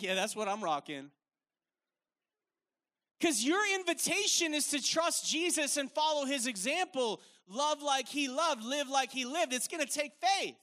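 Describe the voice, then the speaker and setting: Male preacher, bright and forceful tone, casual emphatic sermon delivery on a stage mic. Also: very high-pitched. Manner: casual, filler-heavy, emphatic. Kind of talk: live sermon. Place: stage at a worship event.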